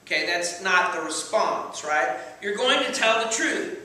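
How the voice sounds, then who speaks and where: High bright-voiced pastor in an echoey church. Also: male voice, expressive, moderate pace, few pauses. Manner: conversational, playful, keeps checking in with the congregation. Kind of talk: sermon. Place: church sanctuary. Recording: echoey church hall, mic at a distance.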